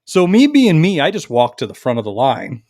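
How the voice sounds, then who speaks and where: A man's voice: fairly high pitch, moderate pace, no room sound, studio quality. Boisterous man spinning a wild story. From Las Vegas area. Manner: boisterous, animated, acts out quoted dialogue. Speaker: podcast co-host. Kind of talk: casual storytelling chat.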